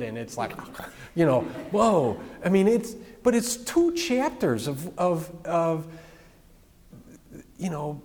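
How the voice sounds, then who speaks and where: Man, pastor, conversational sermon, slightly high voice, long hall reverb. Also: a little mellow. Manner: conversational, plain-spoken preaching.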